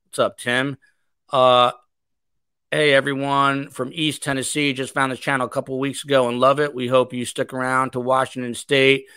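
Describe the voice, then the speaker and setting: A man's voice: mid-range voice, little pitch movement, normal speed, pushed and bright, smooth, no echo. A man hosting a podcast livestream, chatting casually and reading viewer comments aloud. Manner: chatty, reads comments aloud, many fillers. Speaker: podcast host.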